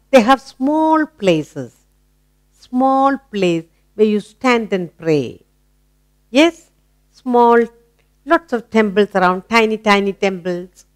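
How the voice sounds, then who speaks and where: A woman with an Indian English accent teaches phonics to little children at an unhurried pace. She speaks slowly and patiently, asking questions and repeating every word so it sinks in. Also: medium pitch. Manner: slow, patient and explanatory, asks questions and repeats words.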